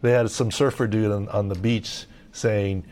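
A man's voice: fairly low pitch, steady tone, unhurried, darkish tone. Emphatic middle-aged man, injury analyst. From Southern California. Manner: emphatic, keeps saying "look" and "right?". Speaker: sports medicine analyst.

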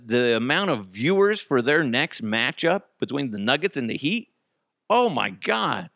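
A man's voice: a bit bright, dry recording, clean studio sound. A man hosting a casual podcast, rambling through a funny story, laughing often and acting out what people said. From Colorado. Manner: reads ad copy in a hyped pitch. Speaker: podcast host.

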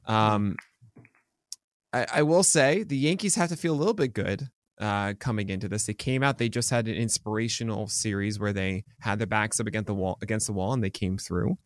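This sports podcast co-host has a fairly low voice on a dry recording. He talks casually and at length, revising himself as he goes and cracking jokes readily.

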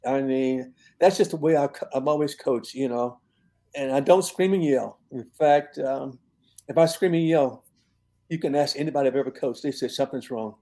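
An older man, a longtime football coach, telling relaxed stories in an interview and laughing at his own tales. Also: mid-range voice, moderate pace. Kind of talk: storytelling in an interview.

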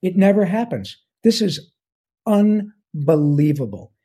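A man in his sixties chats as a guest, talking with eager enthusiasm and wandering off into asides. His voice sits a bit high for a man but sounds mellow and warm, with a husky edge to it. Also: very animated, takes it slowly. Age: 60s. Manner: enthusiastic, rambling with fillers. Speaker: guest voice actor. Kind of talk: casual interview talk.

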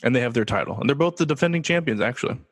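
A man's voice: medium pitch, expressive, racing, husky, big-room sound. A man from Los Angeles hosting his own sports talk show, casual and joking, asking himself rhetorical questions. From Los Angeles, USA. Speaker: podcast host.

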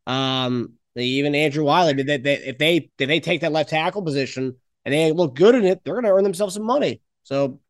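A man hosting a sports podcast, chatty and quick to laugh. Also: fairly high pitch, no room sound, studio quality. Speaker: podcast host. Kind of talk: casual sports podcast chat.

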